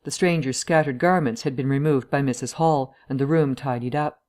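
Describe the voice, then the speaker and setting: A woman reading a classic novel aloud as an audiobook narrator, in measured storytelling. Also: extremely low pitch, darkish tone. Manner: measured storytelling, shifts voice for each character. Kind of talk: scripted narration.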